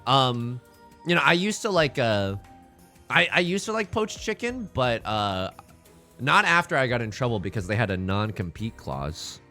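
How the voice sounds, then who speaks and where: A young man streaming a mahjong game, chatting casually and joking with playful, drawn-out emphasis. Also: medium pitch, sing-song, bright, forceful tone, soft background music. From China. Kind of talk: casual live-stream commentary while playing mahjong.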